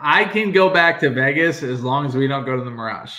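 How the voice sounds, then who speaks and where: A man's voice: mid-range voice, expressive, brisk, bright, forceful tone, poor audio. A man appearing as a guest on a live stream, chatting and joking playfully. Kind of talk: casual live-stream chat.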